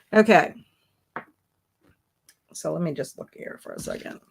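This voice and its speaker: A woman's voice: low voice, vocal fry, husky. A woman hosting a casual live stream, reading chat comments aloud and breaking into laughing fits. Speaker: livestream host.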